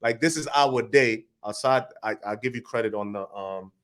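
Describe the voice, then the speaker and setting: A man's voice: medium pitch, normal speed, fairly bright tone. A man hosting a podcast, talking casually and giving blunt, direct advice. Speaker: podcast host. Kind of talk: casual chat.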